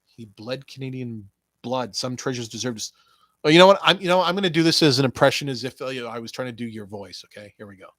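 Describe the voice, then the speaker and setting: A man's voice: mid-range voice, lively intonation, quick pace, a bit bright, dry recording. A young man hosting a casual wrestling podcast, rambling and sarcastic, swearing and talking straight at a wrestler. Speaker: podcast host.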